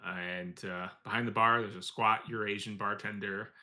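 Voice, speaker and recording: Bright-voiced man running a tabletop game. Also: lowish voice, fairly even intonation, normal speed. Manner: rambling, many fillers and self-corrections. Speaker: game master.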